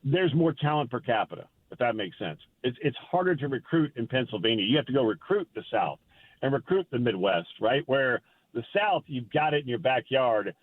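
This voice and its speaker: Calling into a sports radio show over a phone line, a college football reporter chats casually with a mid-range, expressive voice at a fairly quick pace. He talks in an emphatic, folksy way and often repeats words as he goes.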